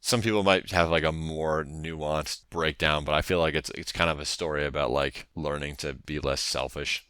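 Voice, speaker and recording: A man's voice: extremely low pitch, steady tone, normal speed, hardly any pauses, a bit bright, clean tone, dry recording. A man co-hosting a gaming podcast, rambling casually with lots of swearing and laughter. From Canada. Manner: rambling, profane, laughs often. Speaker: podcast co-host. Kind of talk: casual chat.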